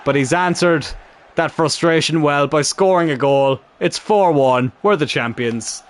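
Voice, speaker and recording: A man commentating his own football management game, cheering and shouting when goals go in. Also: on the high side, a little slow, a little hiss or hum. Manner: excitable, shouts at goals, laughs. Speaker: gaming YouTuber.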